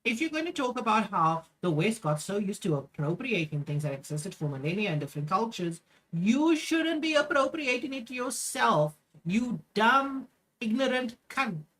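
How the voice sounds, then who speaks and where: A woman's voice: a little high, big pitch swings, normal speed, a bit bright. A woman streamer reacting to clips in a profane, mocking rant, swearing heavily.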